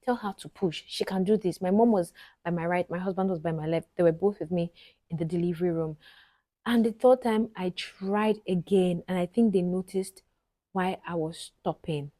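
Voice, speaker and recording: A woman's voice: fairly low pitch, moderate pace, warm tone, dry recording. A Nigerian woman vlogger telling a personal story to camera, chatty and often talking straight to her viewers. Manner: chatty, frequently addresses viewers directly.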